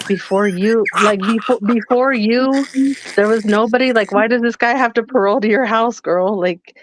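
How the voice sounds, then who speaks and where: A middle-aged woman co-hosting a podcast, telling animated stories about her son and quoting what each of them said. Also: a little high, normal speed, noisy background. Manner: animated storytelling, quotes herself and her son. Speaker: podcast co-host. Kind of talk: casual chat. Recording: dull lo-fi podcast mic.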